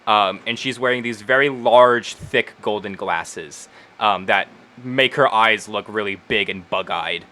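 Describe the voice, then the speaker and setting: A man narrating a tabletop role-playing session as game master. His voice is bright and forward, and he talks in a loose, casual way full of ums and likes. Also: lowish voice, measured pace.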